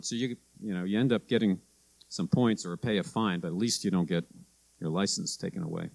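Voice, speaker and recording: A man's voice: lowish voice, lively intonation, brisk, gravelly. A middle-aged man delivers a sermon as a pastor. He talks casually and tells stories, slipping into the voices of the people he quotes. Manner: conversational storytelling, with anecdotes and acted-out quotes.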